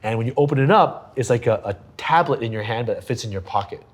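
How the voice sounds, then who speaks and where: A man's voice: medium pitch, lively intonation, fast talker, breathy edge. A man hosting a casual interview, easygoing and playful, with many fillers. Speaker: host.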